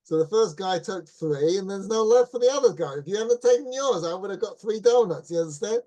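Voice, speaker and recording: A middle-aged man with a fairly high but mellow voice, teaching as a rabbi. He tells his story loosely, restarts his phrases and keeps asking his listeners "right?" to make sure they follow. The delivery is warm-toned and conversational rather than formal. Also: a little fast. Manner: relaxed anecdotal teaching with restarts. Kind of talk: Torah class storytelling.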